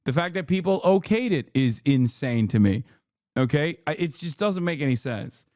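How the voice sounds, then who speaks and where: A man giving casual livestream commentary on the news, excitable and profane, swinging into high, incredulous outbursts. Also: normal speed, dry recording, studio quality. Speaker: streamer reacting to news.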